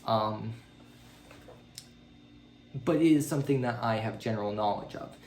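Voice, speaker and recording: A man talking casually in a video diary about learning a language. He rambles with many ums and jumps his pitch up when he quotes his own reactions. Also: unhurried, darkish tone, roomy sound, a little hiss or hum.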